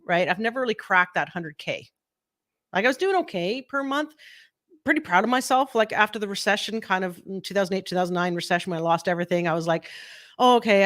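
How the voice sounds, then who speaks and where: A middle-aged woman coach telling a story to her online group, chatty and animated, acting out the voices in it with many fillers. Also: mid-range voice. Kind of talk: live-streamed storytelling to a group.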